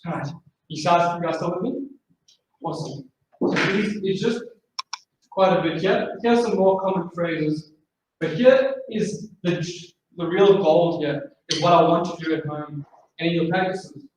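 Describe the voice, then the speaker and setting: High-voiced drum instructor in an echoey room. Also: male voice, a little slow, darkish tone. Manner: encouraging, sings out rhythms with vocables. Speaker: drumming instructor. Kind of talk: live masterclass teaching. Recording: far-off mic, very echoey room, faint noise.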